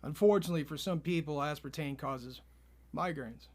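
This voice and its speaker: Deadpan male podcast co-host, fairly high voice, straight-faced storyteller. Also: normal speed. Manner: deadpan, spins absurd tall tales with a straight face.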